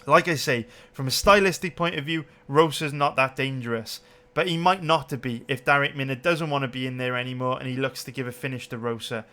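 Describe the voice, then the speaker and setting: A man's voice: mid-range voice, fairly even intonation, brisk, sharp tone. A young man hosting a betting channel, giving a brash, profane and emphatic casual breakdown while calling his viewers boys.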